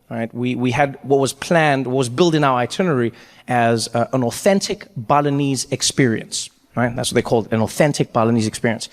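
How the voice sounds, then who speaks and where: A man with a South African accent, telling an animated stand-up story and acting out characters in an echoey hall. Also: medium pitch. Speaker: stand-up comedian. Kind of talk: stand-up comedy. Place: large hall with audience. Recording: echoey hall, faint crowd ambience.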